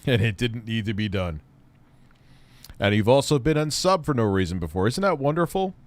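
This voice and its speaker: A man's voice: medium pitch, very animated, normal speed, no room sound. A man hosting a casual livestream, rambling and wry, swearing now and then. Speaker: livestream host reacting to an old news clip.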